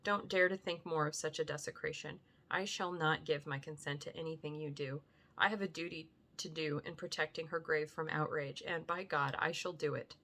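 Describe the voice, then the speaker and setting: A woman's voice: low-pitched, fairly even intonation, moderate pace, pushed and bright, full character voice. A woman reading aloud and voicing an anguished young nobleman who pleads and cries out in indignation. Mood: indignant. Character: anguished young English nobleman, grieving lover. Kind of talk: audiobook reading.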